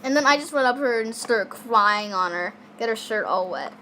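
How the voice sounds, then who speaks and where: A woman's voice: fairly high pitch, lively intonation, moderate pace, sharp tone. Chatty girl telling a story over hiss. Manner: rambling, lots of fillers and restarts. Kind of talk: casual storytime narration.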